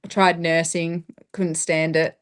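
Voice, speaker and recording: Chatty Australian paramedic woman, low voice. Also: level tone, a little slow, smooth. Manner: chatty, reflective, laughs often. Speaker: guest, paramedic. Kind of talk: casual podcast interview.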